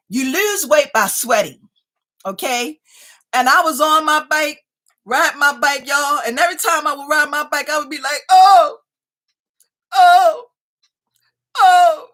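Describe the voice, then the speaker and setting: A woman's voice: high-pitched, sharp tone. A woman in her fifties hosting a live stream, chatting casually and laughing often as she reads viewer comments aloud. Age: 50s.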